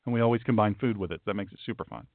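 A man's voice: on the low side, very fast, no room sound. A middle-aged man, a pastor hosting a talk show, gives an opinionated monologue. He talks emphatically and repeats lines for punch. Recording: tinny, dry phone-like sound.

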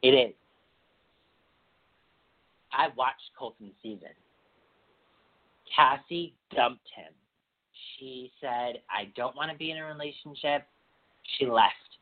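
Woman, podcast host, casual chat, opinionated, animated, tinny phone-like audio. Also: extremely low pitch, slow, pauses often.

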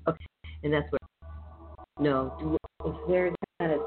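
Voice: medium pitch, fairly even intonation, moderate pace, long pauses, music in the background. A radio show host who reads out news items and then riffs on them casually, with swearing and laughter. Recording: tinny phone-like sound.

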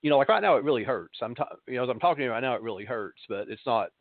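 A middle-aged man, a pastor hosting a show, giving a reflective spiritual talk in a halting way, pausing often and repeating words. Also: medium pitch, lively intonation, no echo. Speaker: pastor and podcast host. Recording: dry, narrow phone-like sound.

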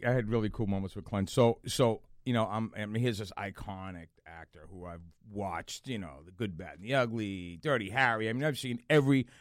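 A middle-aged man with a Boston accent, an actor guest in a casual interview, telling animated stories with frequent laughs and lots of "you know". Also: on the low side, brisk, few pauses, no echo, clean studio sound.

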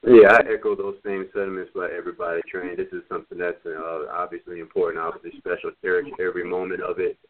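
A man with a low voice co-hosts a sports talk show. He offers earnest good wishes. The audio is narrow and phone-like. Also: flat delivery, fast talker, hardly any pauses. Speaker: co-host. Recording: tinny phone-line audio.

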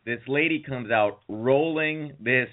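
A man's voice: mid-range voice, slow pace. Man, rambling storyteller, casual chat, profane, acts out quotes, tinny phone-like sound. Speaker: podcast co-host.

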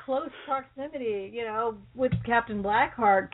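A woman's voice: on the high side, measured pace. Chatty woman on a thin phone line. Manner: chatty and excitable, laughs often. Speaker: co-host of a call-in internet radio show. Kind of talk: casual chat. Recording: phone-like band-limited audio.

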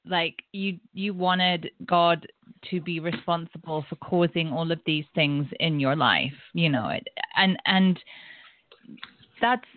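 Woman cohost thinking out loud, lowish voice, dry phone-like sound. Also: slow pace, a little hiss or hum. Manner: reflective, explains her own views. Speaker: podcast co-host. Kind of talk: casual conversation. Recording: dry tinny phone-like audio.

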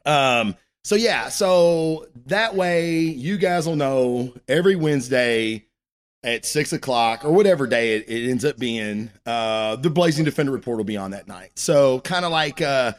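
A man's voice: mid-range voice, expressive, a little slow. A man hosting his own comic book show, chatting casually and rambling with plenty of cussing. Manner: profane, rambling and loose. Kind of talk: casual live-stream chat.

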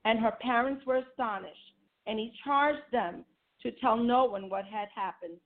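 High-voiced woman preaching over a phone line. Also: a little slow. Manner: asks listeners rhetorical questions. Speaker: women's ministry speaker. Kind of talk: sermon reading and explaining scripture.

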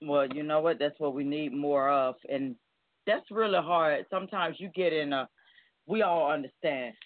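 A man's voice: fairly high pitch, normal speed, background noise. A man hosting an interview, asking questions in a loose, conversational way. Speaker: radio show host. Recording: dry, tinny phone line.

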